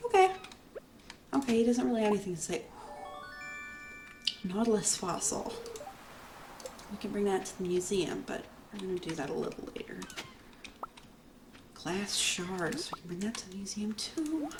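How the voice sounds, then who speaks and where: A woman's voice: mid-range voice, animated, normal speed, long pauses, background noise. A woman hosting a let's play, chatting casually and explaining as she plays. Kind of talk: casual gameplay commentary. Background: game music.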